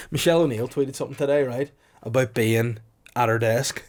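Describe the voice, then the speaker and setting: A man's voice: medium pitch, normal speed. A young man, co-hosting a podcast in loose, sweary banter, laughing often and mimicking voices. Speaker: podcast co-host. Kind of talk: casual banter.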